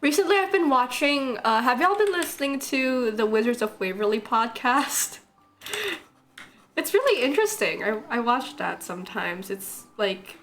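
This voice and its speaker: A young adult woman streams live, drawing while she chats casually and rambles, responding to her chat and laughing a lot. Her voice sits fairly high and sounds expressive and slightly bright, at a moderate pace.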